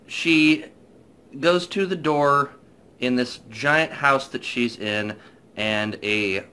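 A man's voice: medium pitch, bright, forceful tone, clear, resonant tone. A man chatting casually through a spoiler-filled movie review, retelling scenes in a rambling way.

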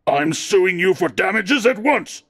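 A man voicing a furious, bulky rich old man who shouts and sputters accusations. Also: high-pitched, huge pitch swings, moderate pace, gravelly, pitched above the performer's own voice, heavily acted. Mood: cold triumph.

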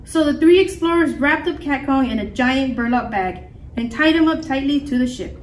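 Woman reading kids' storybook, high voice, faint background noise. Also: normal speed. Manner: lively expressive reading. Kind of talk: reading a picture book aloud. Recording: echoey room, mic far off, faint noise.

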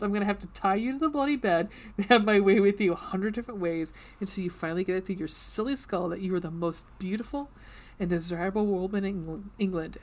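A woman voicing a passionate, exasperated young viscount as she reads a romance novel aloud, softly and with breathy whispers. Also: mid-range voice, natural voice. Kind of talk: reading a novel aloud on a podcast.

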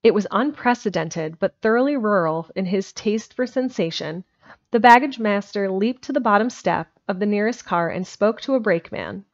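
A woman reading a storybook aloud in a steady, plain way on a home stream. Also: medium pitch, normal speed. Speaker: amateur audiobook reader. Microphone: home streaming microphone. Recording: dull lo-fi home recording.

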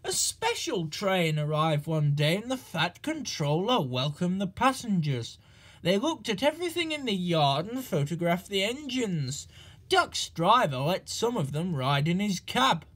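A man narrating a children's story in an unhurried, expressive reading. His voice sits fairly high for a man and rises and falls lively. He takes his time with each sentence.

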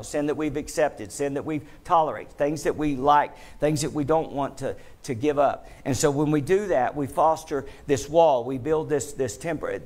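A male pastor preaching a sermon to his church, emphatic and repetitive, asking the congregation questions. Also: on the high side. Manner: emphatic, repeats phrases, asks congregation questions. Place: church sanctuary.

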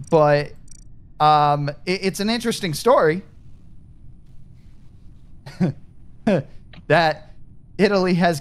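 This gaming streamer has a clean, slightly high voice. Playing a party game with friends, he comments casually and rambles, musing aloud and trailing off before finishing his thoughts.

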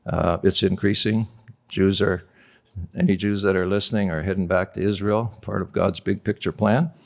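A man's voice: low voice, fairly even intonation, moderate pace, gravelly. A male pastor preaching a sermon at a convention, emphatic and repeating key words for stress. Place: convention hall.

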